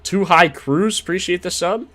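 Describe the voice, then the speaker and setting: A young man live-streaming casual chat about betting picks, excitable and slangy, thanking subscribers and trailing off into mumbled fillers. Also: high voice, normal speed.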